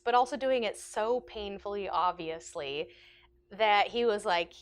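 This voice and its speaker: Animated woman telling a storytime vlog. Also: mid-range voice, normal speed, clean tone. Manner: animated, laughing, self-mocking. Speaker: vlogger. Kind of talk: casual storytime.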